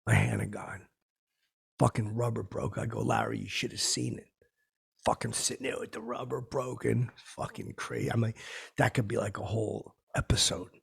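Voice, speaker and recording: A man's voice: lowish voice, flat delivery, normal speed, exaggerated voice. An actor playing a middle-aged, boastful, washed-up male comedian who rambles tactlessly in a podcast monologue. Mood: rambling. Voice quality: very gravelly, raspy. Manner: rambling, rough-spoken, tactless, lurching between bravado and sentiment. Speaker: podcast host. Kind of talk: comic character monologue.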